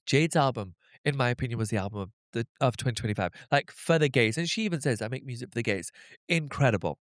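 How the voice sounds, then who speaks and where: A British man chatting casually as a podcast guest, gossipy and quick to laugh at himself. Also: mid-range voice, expressive, no room sound, studio quality. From Britain. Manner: chatty, gossipy, self-deprecating. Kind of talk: casual chat.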